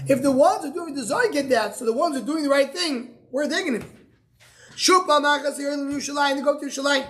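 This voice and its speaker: A man with a notably high voice leads a Talmud class as a rabbi. He quotes each line of the text and then explains it in conversational English. His delivery halts often, repeating a word or two before the thought comes out. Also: a bit bright, a little hiss or hum. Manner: halting, repeats words while searching for phrasing.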